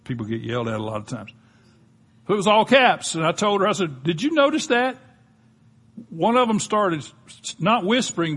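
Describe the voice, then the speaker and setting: A man's voice: fairly high pitch, fairly bright tone, husky. An older man with a Southern US accent preaching a sermon, folksy and conversational, with touches of humor. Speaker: pastor.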